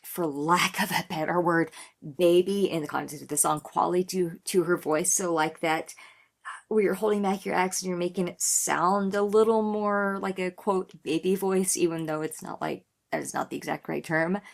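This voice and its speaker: With a fairly low, steady voice and some vocal fry, a woman in her thirties hosts a music reaction video at normal speed. She's casual and effusive, leaning heavily on "like" as a filler.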